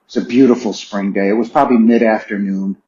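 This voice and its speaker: A man's voice: on the low side, steady tone, fast talker, mellow, a little hiss or hum. A middle-aged man telling a personal story as a podcast guest, earnest and emotional, repeating phrases for emphasis. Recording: roomy, slightly dull sound.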